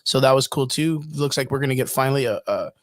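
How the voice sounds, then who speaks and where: A man's voice: medium pitch, fast, no room sound, studio quality. A man co-hosting a live stream chat in an easygoing, agreeable way. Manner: easygoing, agreeable, laughs often. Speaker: co-host. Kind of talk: casual chat.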